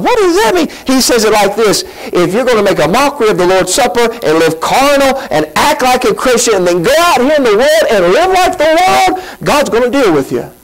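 A man preaching a sermon as pastor, animated, asking rhetorical questions and leaping in pitch. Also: low-quality recording.

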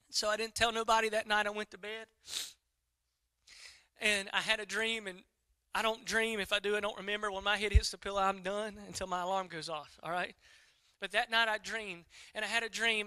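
A middle-aged pastor preaches a sermon, telling a story with animated energy and addressing his congregation directly. His voice is high-pitched and smooth, recorded dry.

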